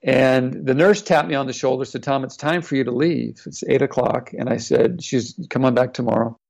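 A man's voice: medium pitch, steady tone, normal speed, vocal fry, a little mellow. A middle-aged man, a former pro athlete, earnestly telling a personal story in an interview. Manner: earnest, reflective, retelling quotes. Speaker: guest, former NFL player. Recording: slightly dull, lo-fi audio.

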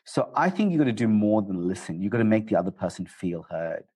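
A man answering interview questions about communication in a conversational way, jumping up in pitch for quoted asides. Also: big pitch swings, fast, darkish tone, husky. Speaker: guest speaker on communication.

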